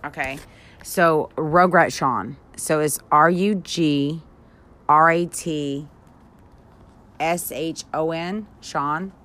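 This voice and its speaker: A woman's voice: low voice, steady tone, slow, pauses often, fairly bright tone. A woman co-hosting a casual chat podcast, giggly and playful as she reads slang definitions aloud. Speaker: podcast co-host.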